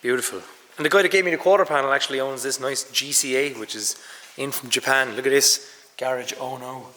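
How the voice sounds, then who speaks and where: A man chatting casually through a car restoration vlog, his voice a bit hoarse, matter-of-fact with some swearing. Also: mid-range voice, brisk, sharp tone, in a large hall, a little hiss or hum. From Ireland. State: hoarse, says he lost his voice. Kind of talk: casual workshop vlog narration. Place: large garage workshop, indoors.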